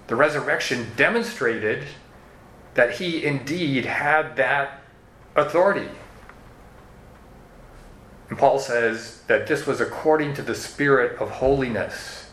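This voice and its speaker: A man's voice: medium pitch, takes it slowly, pauses often, a bit bright, slight background noise. A man preaching an expository sermon, walking listeners through the verses in an earnest teaching tone. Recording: echoey room with faint ambience.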